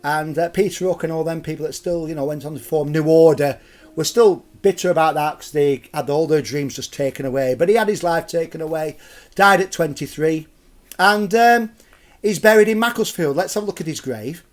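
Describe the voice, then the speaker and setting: A man's voice: a little high, brisk. A middle-aged man hosting a live storytelling stream, chatty, jokey and digressive. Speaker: storyteller and host.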